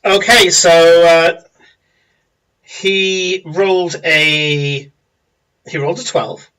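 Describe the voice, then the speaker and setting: Bright-voiced man running a tabletop game. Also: high voice, clear, resonant tone, distant mic, rough recording. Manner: halting, filler-heavy explaining. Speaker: game master.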